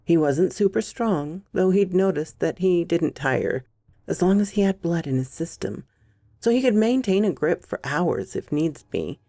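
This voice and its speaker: A woman reads a horror story in a measured, unhurried way, and her mellow voice carries a gravelly fry. She sounds close and dry, with faint music playing underneath. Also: lowish voice, lively intonation, dry recording. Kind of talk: scripted horror story narration.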